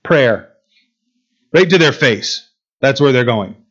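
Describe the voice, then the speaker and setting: A man's voice: medium pitch, expressive, slow pace, a bit bright, highs cut off. A man preaching a sermon to a Bible class, emphatic, asking his listeners questions and repeating key phrases. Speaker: pastor teaching a Bible class.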